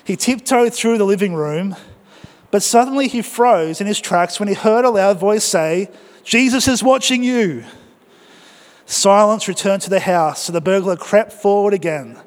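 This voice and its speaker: A man preaches to his congregation with energy and humor, his voice high and lively. It rings through a church with a long reverb. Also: moderate pace. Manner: energetic, joking, exhorting the congregation. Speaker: pastor. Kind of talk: sermon.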